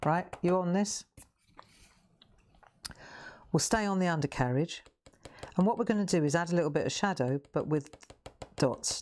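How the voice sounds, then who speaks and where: A woman's voice: deep voice, lively intonation, a little slow, pauses often, darkish tone. A woman hosting a live colouring demonstration, chatting, laughing often and making self-mocking asides. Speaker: craft show host.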